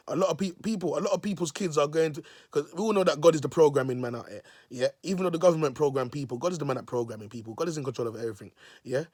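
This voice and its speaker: A man's voice: fairly high pitch, darkish tone, no echo, studio quality. A man, a self-styled prophet preaching in a vlog, repeating himself and calling his listeners "people". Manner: repetitive, emotional, restarts phrases.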